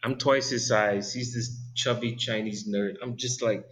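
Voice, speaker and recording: A man's voice: on the low side, fairly even intonation, unhurried, fairly bright tone, rough recording. A man co-hosting a podcast, telling a crude, jokey story in casual chat and acting out the people in it. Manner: crude, jokey, acts out quotes. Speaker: podcast co-host.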